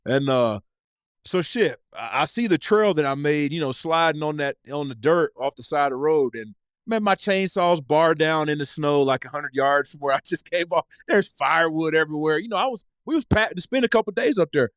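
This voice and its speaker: Animated, profane storyteller man. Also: fairly high pitch, brisk, clean tone, no echo, clean studio sound. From East Tennessee. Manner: animated, profane, acts out scenes in his stories. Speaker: podcast guest, former football player. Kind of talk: casual storytelling chat.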